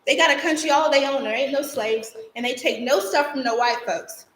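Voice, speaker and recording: In a live stage recording full of echo, a young woman performs a monologue in the role of a spirited girl recalling childhood, with vivid, rhythmic delivery. The stage actor speaks a little fast in a high, somewhat bright voice, with a little hiss or hum audible.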